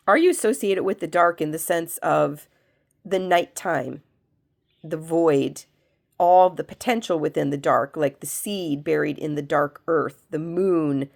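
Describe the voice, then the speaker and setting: A woman who has a cold, working as a medium, leads a spiritual pendulum reading and asks slow yes-no questions that she answers herself. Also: lowish voice, vocal fry. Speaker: medium and reiki practitioner.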